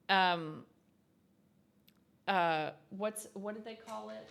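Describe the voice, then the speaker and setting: A young woman works through coding exercises on a casual stream. She mutters to herself and reads lesson text aloud at a middling pitch, with a relaxed, unhurried manner. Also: clean tone. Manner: thinking aloud, reading code and lesson text half to herself.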